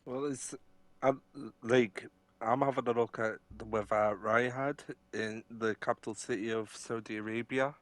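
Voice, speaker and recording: A man takes part in a casual podcast chat, asking calm, helpful questions and adding easy asides. His voice is mid-pitched and recorded close and dry. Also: a little slow, no echo.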